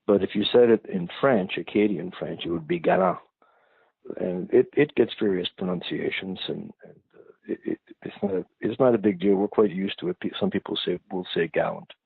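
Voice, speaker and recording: A man from Prince Edward Island, Canada, giving thoughtful, unhurried interview answers as a singer-songwriter guest, searching for his words. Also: deep voice, expressive, vocal fry, breathy edge, dry recording. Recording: tinny phone-like line, dry.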